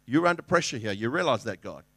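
A man's voice: medium pitch, expressive, fast talker, pushed and bright, husky, no room sound. A middle-aged man preaching a sermon as a pastor, in a conversational, earnest way with restarts and acted-out quotes.

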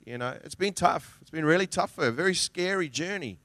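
A man's voice: on the high side, lively intonation, brisk, a bit bright, no room sound. Earnest pastor, a man preaching. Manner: conversational, earnest, with frequent restarts and acted-out quotes. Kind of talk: sermon.

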